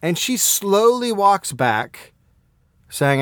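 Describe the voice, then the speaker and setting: A man co-hosting a comedy podcast, telling a story in a profane, animated way. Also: sits high, slow pace, no echo.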